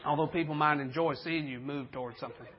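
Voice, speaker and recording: A man's voice: on the high side, steady tone, fast, lo-fi sound, crowd noise, background noise. A man preaching a folksy, joking sermon to a congregation, acting out the people in his stories. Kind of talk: storytelling sermon.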